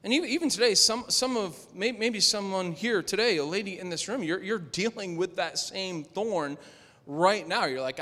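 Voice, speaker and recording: A man preaching a sermon to a room, rising to loud emphatic lines and dropping to low, quiet asides. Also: moderate pace. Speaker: pastor. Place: large room with a congregation. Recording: echoey hall with long reverb.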